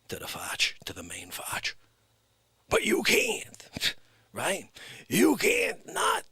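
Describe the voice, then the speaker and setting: A man putting on a brash wiseguy character talking on the phone, swinging between hushed whispers and loud outbursts. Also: high voice, creaky, husky, pitched above the performer's own voice, full character voice.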